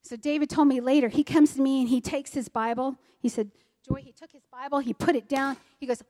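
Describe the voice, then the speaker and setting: A middle-aged woman telling a church testimony in an animated way, acting out the people she quotes. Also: sits high, brisk. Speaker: speaker sharing a mission testimony.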